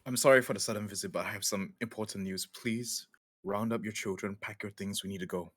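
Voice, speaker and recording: A tabletop player voicing an earnest, hurried man who acts as an uncle to children. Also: low voice, steady tone, breathy edge. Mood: urgent.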